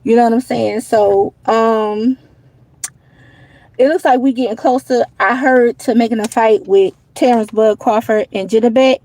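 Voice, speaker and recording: A woman's voice: fairly high pitch, steady tone, unhurried, a little mellow, dry recording, rough recording. A woman hosting a live boxing show, talking in a loose, rambling, casual way with lots of "you know what I'm saying". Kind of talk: casual live stream commentary.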